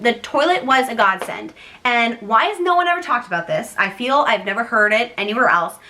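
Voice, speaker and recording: A young woman telling a personal story to her vlog audience in a chatty, animated way, with frequent "like" and laughing asides. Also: fairly high pitch. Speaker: vlogger, first-time mom. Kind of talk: casual storytelling to camera.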